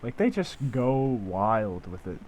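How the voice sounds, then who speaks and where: Young male co-host, lively intonation, quick reactive quips. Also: fairly low pitch, a little hiss or hum, poor audio. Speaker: podcast co-host. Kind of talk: casual chat.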